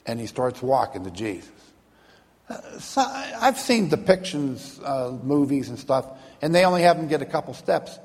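A man's voice: mid-range voice, very animated, moderate pace, darkish tone. A man preaching a sermon as a pastor, telling stories and acting out the voices of the people in them. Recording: long hall reverb.

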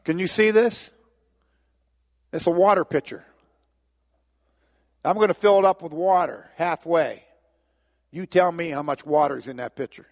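A middle-aged man preaching in a church, telling the story with animated energy and often doubling his "and"s. His voice sits a bit high for a man. A long reverb trails behind every phrase. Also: moderate pace, long pauses. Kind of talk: sermon.

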